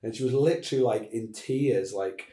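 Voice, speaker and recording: A man's voice: medium pitch, moderate pace, mellow, reverberant. A man hosting a casual chat, rambling and restarting his sentences. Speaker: podcast host.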